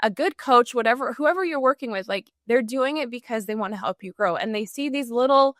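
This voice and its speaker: Woman trainer guest on a podcast; bright-pitched, upbeat coaching delivery, dry recording. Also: brisk, no echo. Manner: animated, peppered with "like" and "right?". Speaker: customer service trainer. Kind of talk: podcast interview.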